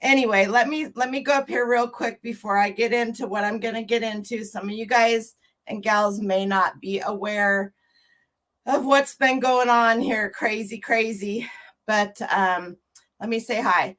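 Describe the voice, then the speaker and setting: A woman in her fifties, hosting a casual livestream and chatting warmly, laughing and greeting viewers one by one. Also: on the high side, steady tone, measured pace. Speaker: livestream host.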